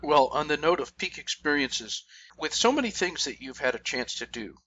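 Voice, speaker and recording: A man's voice: fairly high pitch, sing-song, normal speed, bright, forceful tone, muffled recording, a little hiss or hum. A man hosting a radio interview, asking long, winding questions.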